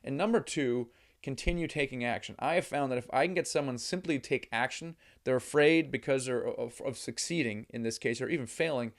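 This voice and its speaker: A middle-aged man delivers an energetic, motivational teaching talk about real estate investing, frequently repeating words and acting out anxious inner voices. His pitch is medium and his pace fairly quick.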